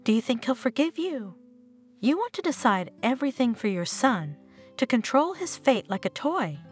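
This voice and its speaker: A woman's voice: on the high side, big pitch swings, normal speed, soft background music. Woman doing an indignant hurt young wife. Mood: angry.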